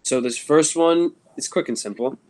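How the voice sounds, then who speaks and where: A man's voice: a little high, moderate pace, a little mellow. Chatty young male co-host. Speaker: podcast co-host. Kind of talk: casual chat.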